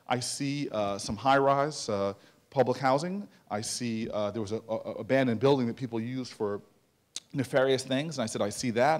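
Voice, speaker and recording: An American man in his thirties giving a motivational keynote speech, telling a story and acting out the quoted voices, often repeating words as he goes. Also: medium pitch. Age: 30s. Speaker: keynote speaker.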